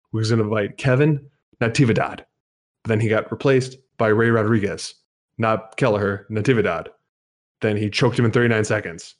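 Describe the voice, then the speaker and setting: A man hosting a live sports betting podcast, talking in a chatty, rambling way as he runs through plugs and fight results. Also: on the low side. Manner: chatty, rambling promo talk. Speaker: podcast host.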